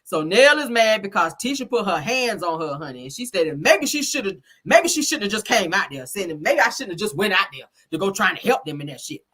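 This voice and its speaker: A woman's voice: medium pitch, big pitch swings, fairly quick, few pauses, a bit bright, husky. A woman giving a sassy, chatty casual recap of a reality show, calling her listeners honey and child.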